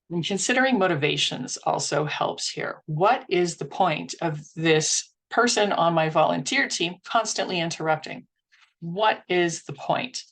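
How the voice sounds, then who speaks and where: A woman's voice: deep voice, measured pace, a bit bright. A woman presenting a workshop in an earnest, instructional way, acting out inner thoughts as she teaches.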